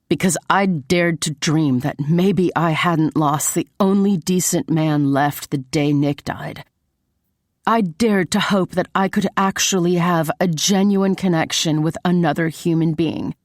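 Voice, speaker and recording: Woman reading a romance audiobook, slow and emotional, dry close mic. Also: low voice, no room sound. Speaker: audiobook narrator. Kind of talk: scripted first-person narration.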